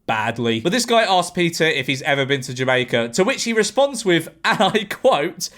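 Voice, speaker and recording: A man's voice: fairly high pitch, big pitch swings, moderate pace, a bit bright. A young man giving a sarcastic, swearing comedic commentary on a film, laughing often. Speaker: YouTuber reviewing a film.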